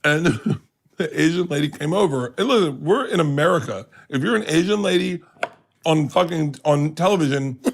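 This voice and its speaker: A man, a comedian, telling an animated story and laughing as he goes. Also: fairly high pitch, moderate pace, creaky, a little hiss or hum. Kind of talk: storytelling with impressions.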